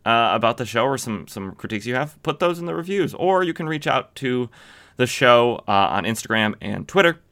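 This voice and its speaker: A man's voice: mid-range voice, lively intonation, fairly quick, a bit bright. A man hosting a podcast, casually recapping a comic book with lots of fillers and self-corrections. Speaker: podcast host.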